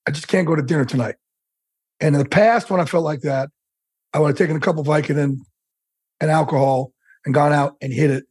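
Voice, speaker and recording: A man's voice: on the high side, a little mellow, breathy edge, dry recording. A middle-aged man as an interview guest, telling a personal story bluntly and emotionally, swearing freely.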